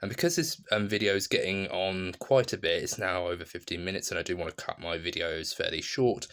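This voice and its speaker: A man's voice: sits low, fairly even intonation, a little fast, fairly bright tone, clear, resonant tone. A man giving a casual, rambling, enthusiastic film review in a vlog. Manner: rambling, enthusiastic, many fillers.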